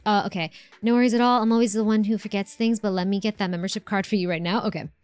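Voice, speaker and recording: A woman's voice: medium pitch, steady tone, fast, darkish tone, soft background music. A woman live-streaming a game, chatting casually and answering her chat with lots of fillers and restarts.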